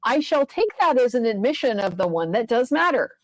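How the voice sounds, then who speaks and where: A woman's voice: on the high side, sing-song, a little fast, no echo, rough recording. A woman lawyer giving casual, profane, exasperated commentary on a court case, rambling at times.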